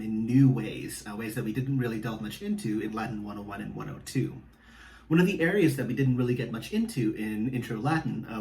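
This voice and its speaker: Guy teaching latin class on video, laid back with lots of ums, average pitch, sounds kinda far from the mic. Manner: relaxed, many fillers. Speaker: Latin professor. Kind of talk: recorded class lecture.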